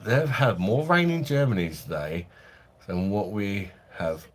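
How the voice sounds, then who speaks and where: Chatty low-voiced man hosting a live stream. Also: very animated, measured pace. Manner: chatty and jokey, laughs often, loose rambling delivery. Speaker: live-stream host reading viewer chat. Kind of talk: casual live-stream chat. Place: at home.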